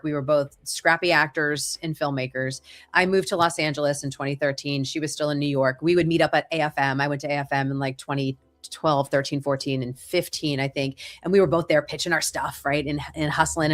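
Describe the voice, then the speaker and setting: A woman's voice: low-pitched, a bit bright. A middle-aged woman, an acting career coach and podcast guest, telling stories with energy and emphasis in a casual chat.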